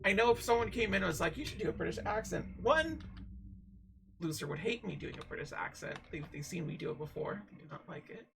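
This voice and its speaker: A woman's voice: mid-range voice, animated, quick pace, creaky, slight background noise, low-quality recording. A woman streaming a game, talking in rambling, chatty commentary and laughing often. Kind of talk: casual let's-play commentary.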